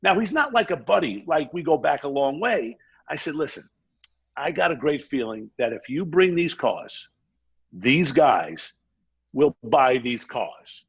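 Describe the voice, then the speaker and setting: A middle-aged man, a guest on a podcast, telling a story in a fast, energetic way and acting out quotes. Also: fairly high pitch, creaky, breathy edge, highs cut off. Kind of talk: animated storytelling.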